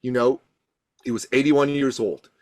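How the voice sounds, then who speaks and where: A man guesting on a podcast as a coach, telling a story with passion and building to loud emphatic peaks. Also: medium pitch, fairly even intonation, moderate pace, dry recording. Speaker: guest, coach and thought leader.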